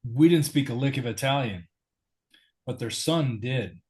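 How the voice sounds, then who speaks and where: An American man of ordinary pitch talks through a story as an interview guest. He is relaxed and pokes fun at himself as he goes, and his voice sits right in the middle of the male range. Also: a little slow. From United States. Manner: easygoing, self-deprecating storyteller.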